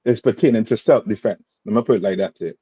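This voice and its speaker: A man's voice: on the low side, fast, dark tone, slightly rough, no echo. A man teaching a scripture class in plain street talk, quizzing his student with repeated "you understand?" checks. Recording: dull lo-fi sound.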